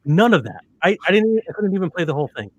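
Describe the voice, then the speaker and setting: A man hosts a casual talk, animated and full of strong, jokey opinions. His voice sits a little high. Faint music runs in the background. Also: quick pace, no room sound, dull audio. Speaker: podcast host. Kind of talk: casual chat.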